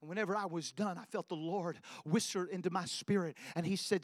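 A man preaching a personal testimony, telling his story and building to loud, emphatic preaching. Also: sits high, fairly quick, few pauses, no room sound, clean studio sound. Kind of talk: sermon testimony.

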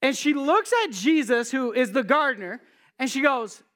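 A man's voice: very high-pitched, lively intonation, normal speed, fairly bright tone. A man preaching a sermon in a conversational way, posing rhetorical questions to his listeners and slipping in jokes. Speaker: pastor.

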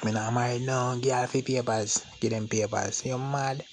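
A man's voice: medium pitch, fairly even intonation, moderate pace, background noise. A man talking casually to the camera, rambling and boastful with a lot of slang. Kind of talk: casual monologue.

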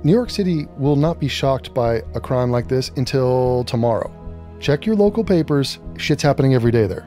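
Guy hosting a show, ranting hard, swearing a lot, voice swings all over, warm low tone, faint music under it. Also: animated, brisk. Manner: mocking, profane, emphatic. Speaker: radio show host. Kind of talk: heated commentary rant.

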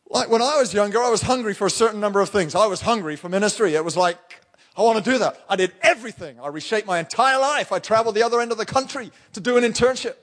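A high-voiced man preaches a sermon as pastor, speaking directly and emphatically while firing rhetorical questions at his listeners.

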